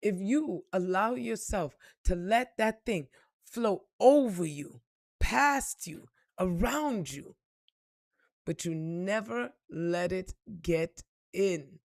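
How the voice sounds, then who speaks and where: A woman delivers a motivational spiritual monologue with blunt, profane emphasis. She keeps asking her listeners rhetorical questions, in a middle pitch. The recording is dry and close. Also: expressive, slow pace, no room sound. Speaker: spiritual reader and motivational speaker.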